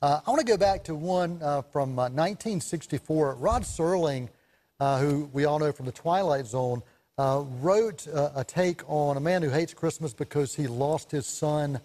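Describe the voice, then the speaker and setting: A man co-hosting a casual talk show about movies, chatty and animated, laughing often as he tells stories. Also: on the high side, normal speed. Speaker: co-host, film reviewer.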